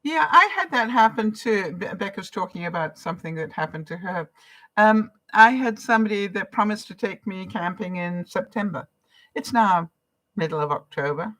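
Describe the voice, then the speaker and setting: A woman's voice: medium pitch, expressive, normal speed, fairly bright tone. An older woman from Canada, a vlogger chatting casually on a live stream, reading out viewer comments and encouraging them between laughs.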